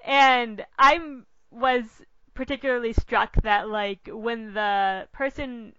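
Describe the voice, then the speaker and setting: An eager woman interviewer talks casually in a bright, crisp voice that pitches a little high. The sound is dry and a bit dull, like a lo-fi recording. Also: fairly even intonation, slow, no room sound.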